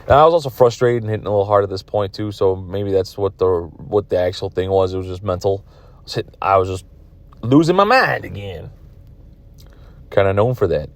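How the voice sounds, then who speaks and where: Low-voiced man, tired, rambling pool commentary, recorded in a car, dry sound. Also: steady tone, fast, no room sound. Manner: rambling, self-critical, frequent restarts. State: tired, yawning. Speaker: pool player commenting on his own match. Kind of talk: casual video commentary. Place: in his car.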